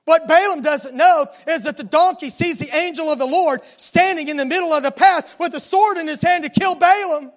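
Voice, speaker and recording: A man preaching a sermon, retelling a scripture story in lively, casual words and acting out the dialogue. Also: very high voice, brisk, hardly any pauses. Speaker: pastor.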